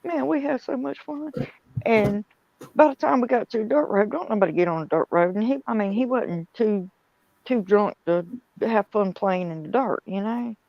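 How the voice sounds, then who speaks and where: Woman host, lively storyteller, dull lo-fi sound. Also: medium pitch, normal speed, gravelly, dry recording. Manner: lively, laughing dialect storyteller. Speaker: channel host. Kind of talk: casual storytelling on a livestream.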